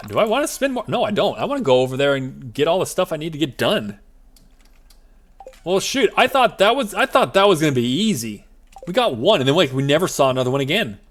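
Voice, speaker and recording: Animated, rambling male game streamer. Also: on the high side, fairly quick. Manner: rambling, jokey, self-talking asides. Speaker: VTuber streamer. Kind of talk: live-streamed gameplay commentary.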